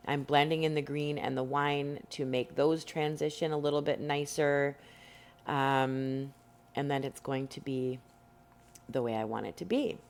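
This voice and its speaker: In a rumbling low voice with a steady tone and measured pace, a Canadian woman teaches rock painting from home. She keeps the tutorial narration casual, chatty and rambling, dotted with fillers.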